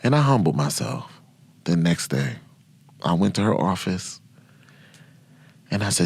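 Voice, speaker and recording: A man hosting his own podcast, telling profane, animated stories about his past and laughing often. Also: deep voice, unhurried, pauses often, breathy edge. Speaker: podcast host. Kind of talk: casual storytelling.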